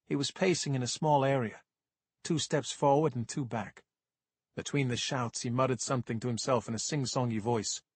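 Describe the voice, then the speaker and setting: A man's voice: mid-range voice, steady tone, normal speed, husky, dry recording. A man narrating a first-person crime audiobook in a dry, wry manner.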